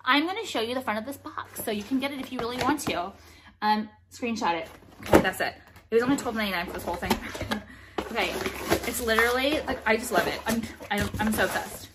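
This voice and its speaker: A woman's voice: a little high, quick pace. Blunt, swearing woman vlogger, noisy recording. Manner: blunt, profane, ranting. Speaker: vlogger showing purchases. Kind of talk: casual haul chat to viewers.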